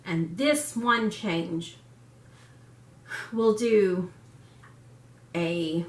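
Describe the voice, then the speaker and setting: A woman's voice: lowish voice, extremely slow. Candid woman in her forties, echoey room. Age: 40s. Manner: candid, emotional, laughs often. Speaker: vlogger. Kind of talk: personal vlog. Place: room in a home. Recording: echoey room, far from mic.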